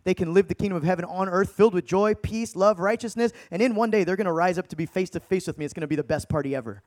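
A man with a high, light voice preaching like he's talking to a buddy, tossing in dude and bro. He runs his storytelling sermon with big swings between quiet intensity and loud bursts. The sound is dry and close, with no room around it. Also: racing, no room sound. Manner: casual slang-heavy, calls listeners dude and bro. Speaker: evangelist.

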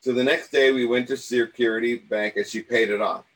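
An older man telling a rambling personal story in a casual, animated way. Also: mid-range voice, a little fast, rough recording. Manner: rambling, animated, acts out quoted voices.

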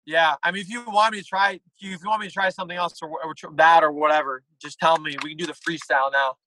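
A man's voice: fairly high pitch, steady tone, fast talker, sharp tone, no room sound, low-quality recording. A man chatting casually as a podcast guest, loose and self-deprecating.

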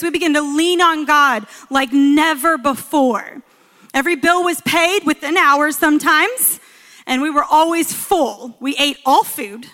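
Bright-voiced woman preaching in a hall. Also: high voice. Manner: storytelling, expressive, rising for emphasis. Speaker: guest speaker. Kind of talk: sermon. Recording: long hall reverb.

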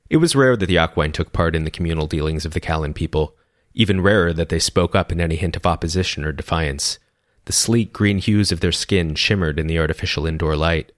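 A man narrating a fantasy story in an even, descriptive way. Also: rumbling low, no room sound, clean studio sound.

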